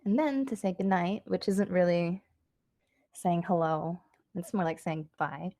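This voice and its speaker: With a lowish, warm voice and no room sound, this woman teaches Japanese in a relaxed online session. Her talk rambles with plenty of fillers, though she enunciates the practice phrases slowly.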